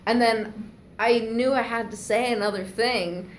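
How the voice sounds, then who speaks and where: A woman's voice: fairly high pitch, steady tone, measured pace. A woman telling chatty anecdotes full of "like" in casual chat as co-host. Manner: chatty, lots of fillers like "like". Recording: echoey room with faint noise.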